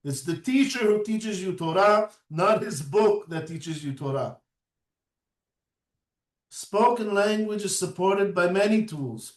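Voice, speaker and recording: A man lecturing at a slow, deliberate pace, his voice sitting notably high for a man. He keeps checking in with the listener with a questioning "right?" and fills gaps with "uh". He is picked up from some distance in an echoey room. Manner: unhurried, often adds a questioning "right?" and "uh". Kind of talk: recorded lecture.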